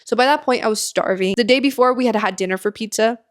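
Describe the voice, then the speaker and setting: A young American woman hosting her own podcast, chatting candidly about her travels and dropping in quick asides. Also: fairly high pitch. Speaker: podcast host. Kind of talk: casual solo storytelling.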